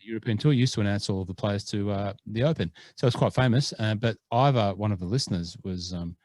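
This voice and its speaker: A man's voice: on the low side, fast talker, a little mellow, dry recording. A Scottish-born man with an Australian accent, co-hosting a casual podcast and rambling through his points with many fillers and restarts. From Scotland. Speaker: podcast co-host. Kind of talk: casual chat.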